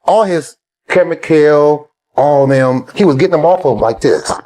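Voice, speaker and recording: A man telling animated stories about an old teammate and rival, laughing and acting out quotes in a casual interview. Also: a little high, normal speed. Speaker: former player telling stories.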